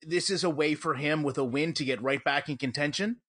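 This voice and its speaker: A man's voice: fairly high pitch, a little fast, a bit bright, no room sound, clean studio sound. A man co-hosting a casual sports podcast, talking with wry, teasing banter. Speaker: podcast co-host.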